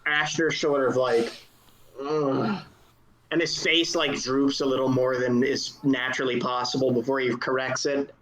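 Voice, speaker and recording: Bright-voiced man playing a tabletop game. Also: medium pitch, little pitch movement, normal speed, few pauses, poor audio. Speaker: player.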